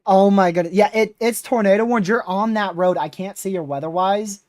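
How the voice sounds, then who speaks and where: A woman giving lively live-stream commentary while guiding a storm chaser, often laughing and talking to her chat. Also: mid-range voice, a little fast, no echo, clean studio sound.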